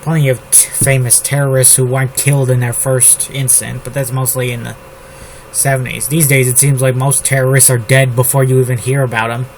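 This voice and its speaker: A man from the United States drafting his novel out loud, repeating words and phrases as he types them. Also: medium pitch, little pitch movement, a little fast, slight background noise, rough recording. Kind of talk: thinking aloud while drafting a novel. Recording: loud keyboard typing over the voice. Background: keyboard typing.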